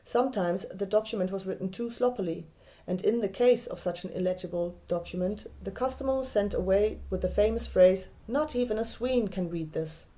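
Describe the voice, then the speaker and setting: A young woman with a German accent giving a careful, scripted talk that explains idioms, slowing down to spell out German words. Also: mid-range voice, mellow. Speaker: podcast host.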